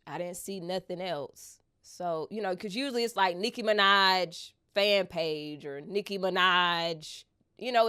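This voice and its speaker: Animated woman vlogger telling a story. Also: mid-range voice. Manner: addresses viewers as "y'all", animated, rising to excited squeals. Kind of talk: casual storytelling to camera.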